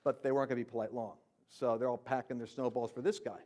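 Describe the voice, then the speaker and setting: A man telling his conversion story in a conversational, animated way, jumping from loud emphatic bursts to quiet low asides. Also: quick pace. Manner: conversational with fillers and slang. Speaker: Christian speaker. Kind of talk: personal testimony storytelling.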